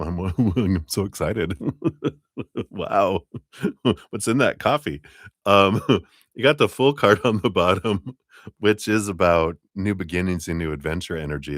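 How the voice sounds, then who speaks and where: A man's voice: sits low, dry recording, clean studio sound. A middle-aged man giving a chatty live-stream tarot reading, laughing often as he talks. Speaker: tarot reader.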